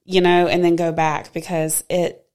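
Giggly lady cohost, playful and animated, lowish voice. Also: normal speed, smooth. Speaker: podcast co-host. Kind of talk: casual podcast chat.

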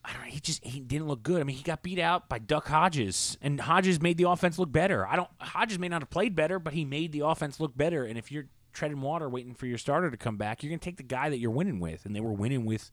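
A man co-hosting a casual sports podcast, talking in opinionated, rambling takes with quick asides. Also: fairly high pitch, no echo. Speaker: podcast co-host.

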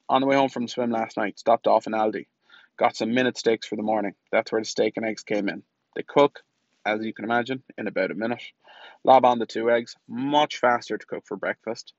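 A man's voice: mid-range voice, dry recording, highs cut off. Chatty man, dry close sound. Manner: chatty, self-mocking, sweary storytelling. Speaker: podcast host. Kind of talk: casual diary-style monologue.

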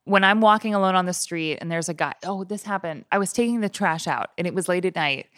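Woman, podcast guest, low voice, dry close sound, playful storyteller. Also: fast, a bit bright, no echo. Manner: chatty storyteller, playful, laughs easily. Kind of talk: casual chat.

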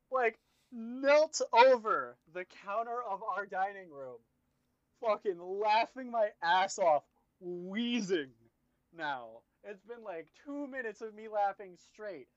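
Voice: medium pitch, a bit bright, dry recording. A person telling a long story in casual chat, rambling and swearing, with lots of "like" fillers. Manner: rambling, profane storytelling full of "like". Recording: dull lo-fi dry recording.

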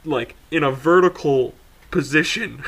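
This is a young male podcast co-host recounting a tale casually and with lots of energy. He curses freely, laughs along the way, and talks at a normal speed in a mid-range voice.

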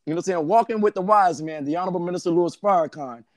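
Co-host: man, high voice, fast, affirming, dry close sound. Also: no echo. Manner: affirming, quick interjections. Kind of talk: casual talk show chat.

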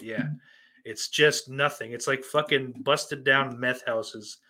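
A man's voice: medium pitch, steady tone, slow, sharp tone. A man hosting a podcast, reading out listener questions in a rambling, profane and sardonic way. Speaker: podcast host.

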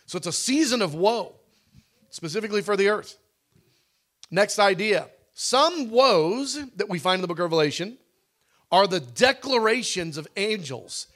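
Animated man teaching a Bible session. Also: sits high. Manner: animated, acts out cries with sudden loud shouts; conversational with fillers and restarts.

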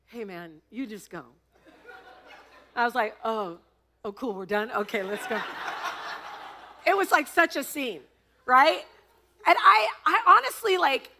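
A woman pastor preaching a sermon, telling a story in an animated, laughing, dramatic way. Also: sits high. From United States.

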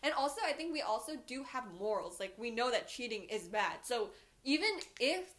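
A woman's voice: a little high, very animated, brisk, a bit bright. A young woman in casual chat, frank and laughing, slipping into quoted voices of friends.

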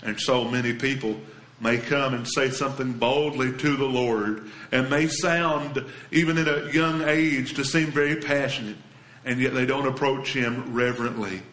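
A man's voice: steady tone, moderate pace. Earnest preacher man with a roomy echo. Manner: earnest, emphatic preaching that drops soft and low for scripture. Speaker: pastor. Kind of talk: sermon.

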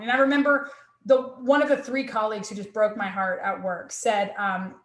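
A woman's voice: a little high, level tone, brisk. A woman in her thirties telling her own story in conversation, earnest and reflective, often quoting her own thoughts aloud. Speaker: guest sharing her story. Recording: echoey room.

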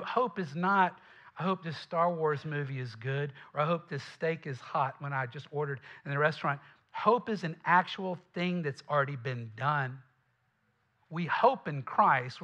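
Bright-voiced Southern pastor preaching. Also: male voice, fairly high pitch. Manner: lively, conversational preaching with asides to the congregation. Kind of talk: sermon.

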